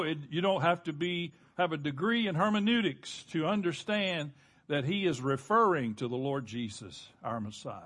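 A male pastor delivering a sermon with a slightly high voice. He preaches earnestly, stretching out key words and dropping low for emphasis, and calls on the congregation to answer back. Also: fairly bright tone.

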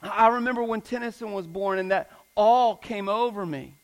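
An earnest male pastor in his thirties with a notably high voice, preaching a sermon. He reads scripture aloud and drives his points home by repeating phrases. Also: normal speed, rough recording.

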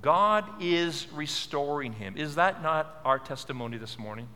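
Brief: earnest male pastor, sermon delivery, bright, slightly high voice, long church reverb. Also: expressive, measured pace. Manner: earnest, asks many questions; repeats words when stressing.

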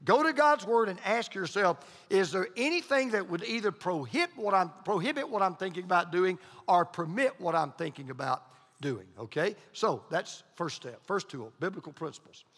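A man's voice: high-pitched, lively intonation, moderate pace, a bit bright. A male pastor preaching a sermon, emphatic and repeating his key points. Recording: long hall reverb.

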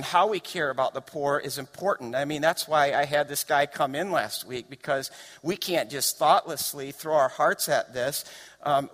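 A man preaching a sermon as pastor, storytelling and building to impassioned shouts. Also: on the high side. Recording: long reverb of a large hall.

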